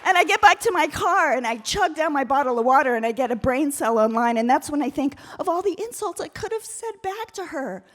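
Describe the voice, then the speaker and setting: A woman from Oakland telling a candid, comic story live on stage, getting animated as she goes. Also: high voice, a little fast, hardly any pauses, a faint crowd. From Oakland, United States.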